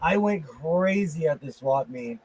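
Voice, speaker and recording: A man's voice: a little high, lively intonation, a little slow, darkish tone, breathy edge. A man hosting a casual livestream from his home sewing room, chatting and cheerfully greeting viewers by name.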